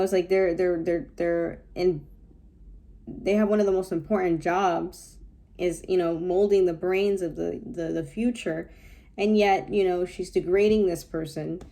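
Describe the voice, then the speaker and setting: A woman talking through her reaction to a clip in a relaxed, rambling commentary. Her voice sits low and warm, with a gravelly fry running through it. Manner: thoughtful, rambling with many fillers.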